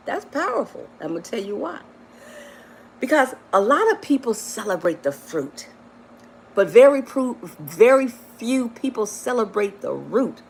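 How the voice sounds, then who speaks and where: A woman's voice: very animated, a little slow, pauses often, husky. A woman life coach giving a motivational live-stream talk, affectionate and emphatic, often repeating herself and calling her listeners baby and honey. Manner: emphatic and repetitive, rising to high exclamations.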